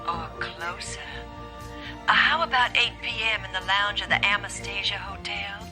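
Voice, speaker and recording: An actress playing a seductive widow who speaks in a coy, breathy way. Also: female voice, mid-range voice, moderate pace, over music, lightly acted. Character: sultry widow, seductive woman on the phone.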